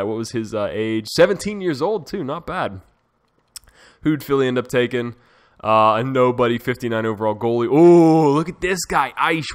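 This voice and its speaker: A young man giving casual commentary over a hockey management game, talking to his viewers and swearing freely when excited. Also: mid-range voice. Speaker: gaming YouTuber. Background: dog heard in cage.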